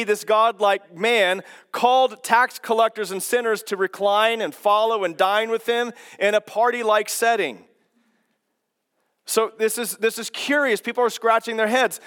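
High-voiced man preaching a lively sermon. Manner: animated teaching with rhetorical questions. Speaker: pastor.

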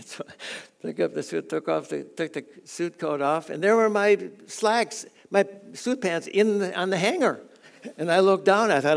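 Older man, preacher, gravelly voice, slightly high pitch, folksy and chuckling, sermon. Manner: folksy, chuckling, halting restarts. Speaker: guest preacher. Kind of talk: sermon with personal stories.

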